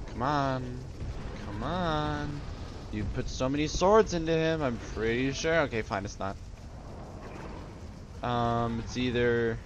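A man casually commenting on his own gameplay in an excitable way, talking to the enemies and breaking into sudden outbursts. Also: medium pitch, noisy background. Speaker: let's play host.

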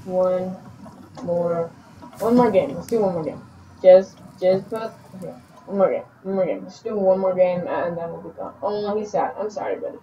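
Woman gaming host, excitable and repetitive, echoey room. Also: on the low side, normal speed, a little hiss or hum. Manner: excitable, repeats words in bursts. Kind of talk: casual game commentary. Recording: echoey, distant, muffled home recording.

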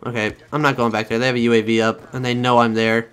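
A man giving profane, excitable commentary over his own gameplay and talking to his viewers. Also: mid-range voice, fast talker. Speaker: gaming channel host.

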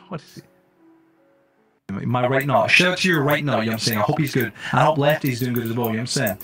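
A young man live-streaming a survival game and chatting loosely with his viewers. His voice sits at an ordinary middle pitch, and he jumps from mumbled asides to loud, startled yelps. He swears freely and sounds close to a desk mic. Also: rapid-fire, hardly any pauses, soft background music. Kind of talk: casual live-stream commentary.

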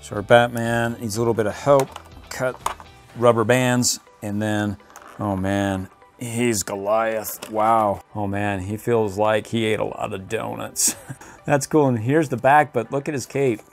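A man's voice: on the low side, fairly even intonation, a little slow, soft background music. Playful man chatting over a toy unboxing. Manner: playful, chatty, laughs often. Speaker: toy reviewer. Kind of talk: casual unboxing commentary.

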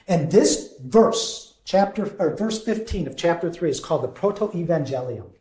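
A man in the role of a deacon, leading a conversational Bible study in an animated way, quizzing the group and chuckling often. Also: on the high side, normal speed. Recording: echoey room.

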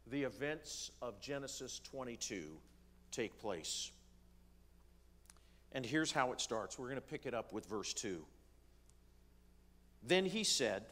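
Male pastor, sermon delivery, emphatic, measured, mid pitch. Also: fairly bright tone. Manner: slows down to stress key words, some fillers. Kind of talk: sermon reading and explaining scripture. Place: church sanctuary.

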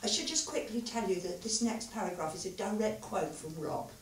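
A woman author reading her own story aloud at a literature festival, in measured, expressive storytelling. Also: mid-range voice, a little hiss or hum. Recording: roomy live hall, far mic.

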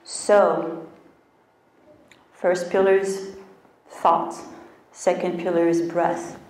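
A woman's voice: lowish voice, flat delivery, extremely slow, darkish tone, reverberant, recorded from a distance. A woman health coach giving a motivational talk, telling a personal story and acting out her inner voice.

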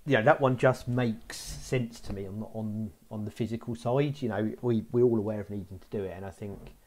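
Low, mellow middle-aged male co-host. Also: steady tone, fairly quick. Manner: reflective, hesitant restarts. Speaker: podcast co-host. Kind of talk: casual podcast chat.

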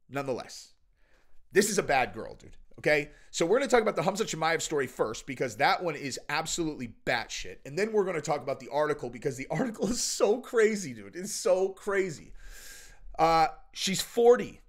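Animated, swearing male commentary host. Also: a little high, fairly quick. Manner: animated, profane, rambling with frequent asides. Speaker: channel host. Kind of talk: casual commentary monologue.

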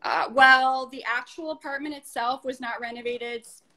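A woman's voice: high voice, steady tone, moderate pace, sharp tone, rough recording. A woman chatting casually while showing her apartment and giving practical advice. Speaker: apartment owner giving a home tour. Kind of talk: casual chat.

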